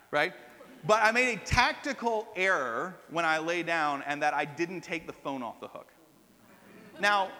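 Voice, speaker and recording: High, bright-voiced man preaching in a hall. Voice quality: animated storyteller, self-mocking asides. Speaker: pastor. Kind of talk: sermon with personal story.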